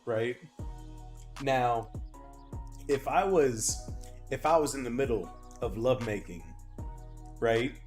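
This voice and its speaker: A man's voice: mid-range voice, slow pace, pauses often, faint music behind. A man from the American South, chatting and arguing with a friend during a gaming stream, telling stories with lots of laughs. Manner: animated, laughing, argumentative storytelling. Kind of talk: casual gaming stream banter.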